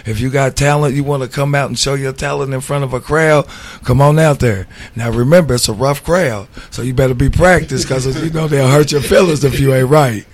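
A man's voice: medium pitch, fairly quick, hardly any pauses. A man casually announcing an event's lineup and inviting performers to come out. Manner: promotional, inviting. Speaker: event organizer.

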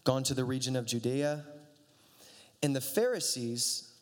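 A man's voice: medium pitch, a little slow. A man preaching a casual, conversational sermon with sarcastic asides, reading and explaining scripture. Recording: long reverb of a hall.

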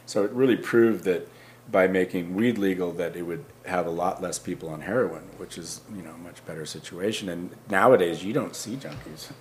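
A man with a lowish voice in relaxed podcast conversation. He talks easily, laughs along with the others, and drops in quick asides. A faint layer of room noise runs under his voice. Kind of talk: casual podcast chat.

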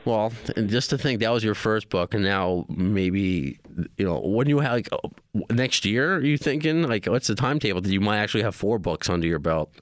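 A man's voice: on the low side, animated, fairly quick, no echo, studio quality. A man hosting a podcast in a casual chat, asking questions as a friendly, enthusiastic interviewer. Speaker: podcast host.

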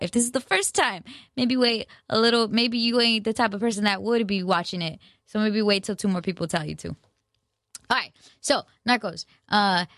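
A woman's voice: medium pitch, a bit bright, dry recording, studio quality. A young woman chatting casually to her viewers, rambling and self-mocking, full of slang and restarts. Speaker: vlogger. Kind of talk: casual chat to camera.

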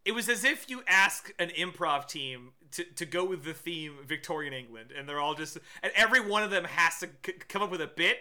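Bright-voiced man rambling about a movie. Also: fairly high pitch, lively intonation, fairly quick, hardly any pauses. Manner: rambling, lots of fillers. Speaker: podcast co-host. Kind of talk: casual movie review chat.

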